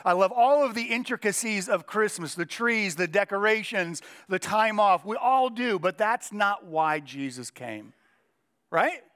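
A middle-aged male pastor preaching a sermon with a strained, cracking voice, emphatic and slowing down to stress key lines. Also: high voice, animated, a bit bright. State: voice cracking, throat clearing.

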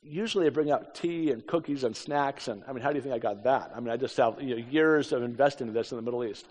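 A man's voice: medium pitch, quick pace, a little mellow. A man in his fifties from the United States, telling a story in a sermon with casual, self-deprecating asides. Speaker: preacher. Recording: echoey hall.

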